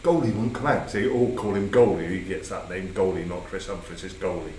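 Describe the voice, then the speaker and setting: A man's voice: low-pitched, a little fast. A man over fifty, a former football manager casually telling rambling anecdotes, quoting himself and laughing along. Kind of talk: casual storytelling. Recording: roomy, distant mic, background noise.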